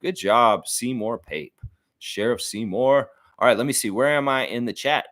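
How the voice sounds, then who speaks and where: A man's voice: medium pitch, normal speed. A man hosting a casual fan live stream, chatting in a rambling way and reading comments aloud. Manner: animated, rambling, reads chat comments aloud.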